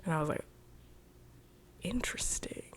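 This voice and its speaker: A woman's voice: fairly low pitch, lively intonation, fairly quick, mellow, slightly rough. A young woman casually recapping a TV episode in a chatty, rambling way, full of "like.". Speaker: video reviewer.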